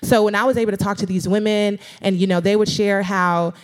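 Animated woman telling her story on stage. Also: medium pitch, a little fast. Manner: animated, quotes herself and others in lively put-on voices; casual, slangy speech with frequent "like" and "girl". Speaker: guest speaker. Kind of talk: live conversational storytelling. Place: live stage event before an audience.

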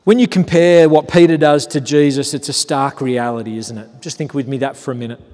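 A man preaching a sermon, telling the story conversationally with rhetorical questions, sometimes animated and sometimes hushed. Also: medium pitch, fairly quick. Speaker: pastor. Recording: long hall reverb.

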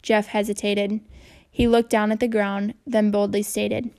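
A woman reading a children's novel aloud, steady and even in her storytelling. Her voice sits at an ordinary middle pitch with a noticeable gravelly fry. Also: unhurried. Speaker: audiobook reader.

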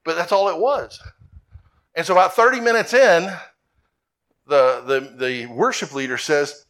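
A man's voice: on the high side, unhurried, pauses often, a bit bright. A male pastor preaching a sermon with earnest, repetitive emphasis that climbs to emphatic peaks. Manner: earnest, repeats himself, rising to emphatic peaks.

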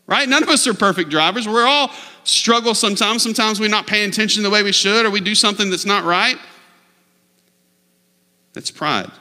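Pastor, male, bright tense voice, earnest preaching, big reverberant hall. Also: fairly quick. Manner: earnest preaching, swings from low and quiet to loud mock-shouting. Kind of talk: sermon. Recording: long reverb of a large hall.

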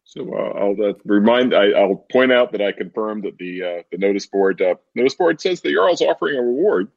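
Tabletop player, man, low voice, stammers, dry muffled lo-fi mic. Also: lively intonation, a little fast, creaky, no room sound. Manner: stammering restarts. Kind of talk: playing a tabletop game.

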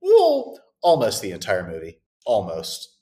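Lively sarcastic podcast co-host. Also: low-pitched, unhurried. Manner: animated, sarcastic, swears freely. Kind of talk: casual movie recap chat.

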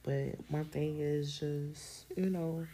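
A woman's voice: low voice, steady tone, takes it slowly, dark tone. A young woman, hosting a podcast and talking casually and animatedly to her listeners, full of slang and laughter. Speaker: podcast host.

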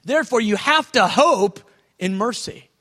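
A man preaching a sermon, moving between quiet reflective speech and loud, excited outbursts as he acts out prayers. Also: high-pitched, a little slow, long reverb tail. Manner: swings from soft musing to loud excited outbursts.

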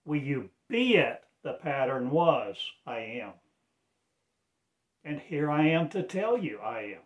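Slow, pleading self-styled preacher man. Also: medium pitch, very animated. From Arkansas, USA. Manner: slow, pleading, loosely strung phrases. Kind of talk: rambling religious address.

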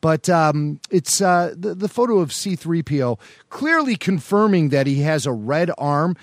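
A relaxed man hosting a podcast, his voice higher and swinging widely in pitch. The sound is dry and close, with no room around it. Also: measured pace, no echo. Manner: relaxed, chatty, asks questions. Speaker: podcast co-host. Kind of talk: casual podcast interview.

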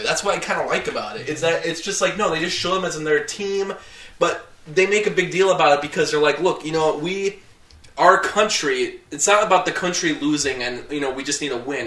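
A man's voice: fairly high pitch, pushed and bright, far from the mic. A man co-hosting a casual chat about movies, rambling with many fillers and laughing often, a bit away from the mic. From Minnesota. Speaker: podcast co-host. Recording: echoey room, a bit off mic.

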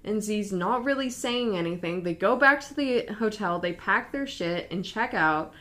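A young woman casually retelling a true story to a friend, acting out the quoted lines in livelier, higher voices. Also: moderate pace. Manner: lively, acts out quoted lines with raised pitch.

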